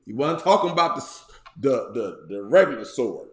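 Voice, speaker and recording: A male pastor preaching a sermon, retelling a story in colloquial slang with lively asides. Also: medium pitch, moderate pace. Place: church. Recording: roomy echo.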